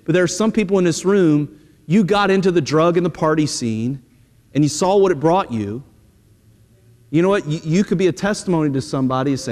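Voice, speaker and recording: A middle-aged man preaching from the pulpit, his voice sitting high for a man. He talks to the congregation plainly and directly, often leaning on a quick "hey." The sound rings with the long reverb of a church sanctuary. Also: expressive, a little mellow. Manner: conversational preaching, repeating "hey" and direct address. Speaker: pastor. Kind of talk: sermon.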